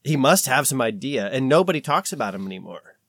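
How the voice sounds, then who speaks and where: A man co-hosts a casual podcast, rambling animatedly with plenty of fillers. His voice sits at a middling pitch, and the close mic gives it a dry, roomless sound. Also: sing-song, fast, fairly bright tone, no echo. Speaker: podcast co-host. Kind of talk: casual conversation.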